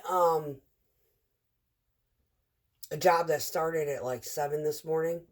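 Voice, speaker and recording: Woman, middle-aged, husky, casual vlog chat, rambling storyteller, concrete truck driver. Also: low-pitched. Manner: rambling, chatty storytelling with lots of fillers.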